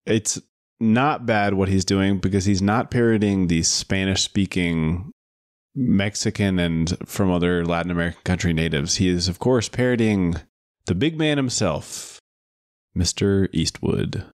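Deep-voiced bantering podcast co-host man. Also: no room sound, clean studio sound. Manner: quick quips and agreeable banter. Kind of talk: casual film-podcast banter.

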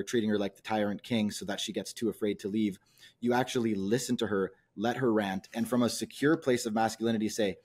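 A man's voice: medium pitch, a little mellow. A man coaching men in a podcast discussion, earnest and persuasive, asking many rhetorical questions. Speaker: men's coach.

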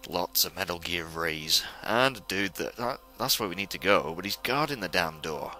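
A young man commentating a stealth video game for viewers, excitable and swearing as he plays. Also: low-pitched, moderate pace. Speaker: gamer playing a stealth game. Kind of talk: let's play commentary. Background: game music.

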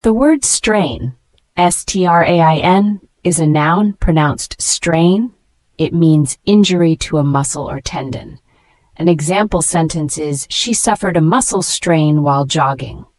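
A woman reading a scripted vocabulary lesson, spelling each word letter by letter and slowing down to pronounce it, with praise for the learner between words. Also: deep voice, a little mellow, dry recording. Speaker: English vocabulary teacher.

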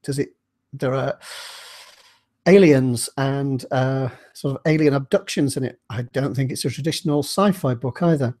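A man's voice: medium pitch, moderate pace, darkish tone. A man with a slight cold, casually discussing a novel in a thoughtful, rambling way and then reading passages aloud. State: slight cold, clears throat. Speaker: book reviewer.

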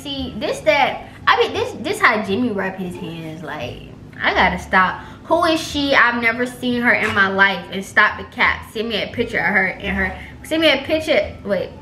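A woman's voice: a little high, sing-song, normal speed, few pauses, sharp tone. A young woman vlogging, chatting animatedly and dramatically to viewers in slangy casual talk while reading her texts aloud. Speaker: vlogger pranking her boyfriend. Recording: echoey room, faint music.

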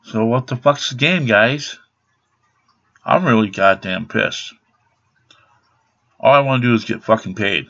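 Gravelly, aggrieved man in his fifties. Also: lowish voice, a little slow, long pauses, a bit bright. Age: 50s. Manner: swearing constantly, aggrieved and blunt. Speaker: vlogger. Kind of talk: angry rant to camera. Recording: dull lo-fi webcam sound.

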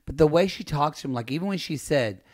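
A man's voice: a little high, expressive. A man co-hosting a podcast, chatting casually and gossiping playfully about a reality show. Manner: gossipy, playful, quick to laugh. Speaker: podcast co-host.

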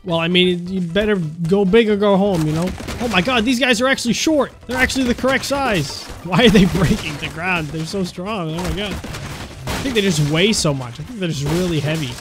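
A young man giving excitable gameplay commentary, laughing and talking to the characters on screen. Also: sits high, moderate pace. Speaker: gaming YouTuber. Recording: music playing behind.

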